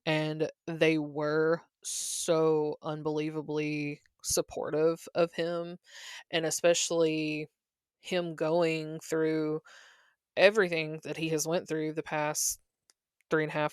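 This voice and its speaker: A woman's voice: low-pitched, flat delivery, takes it slowly, smooth, dry recording. A woman co-hosting a podcast, chatting thoughtfully about an album and a book. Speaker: podcast co-host. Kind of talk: casual chat about an album.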